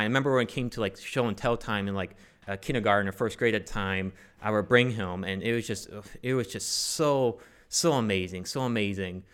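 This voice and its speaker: A man's voice: fairly low pitch, fairly bright tone, clear, resonant tone. A man telling a personal story to a live audience, rambling and joking with many fillers and restarts. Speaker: storyteller on stage.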